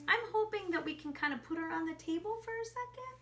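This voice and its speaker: Bright, high-voiced woman art teacher. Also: lively intonation, a little fast, hardly any pauses. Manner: chatty and upbeat, drops to a soft coo when speaking to the animal. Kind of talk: casual online drawing lesson. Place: home basement studio.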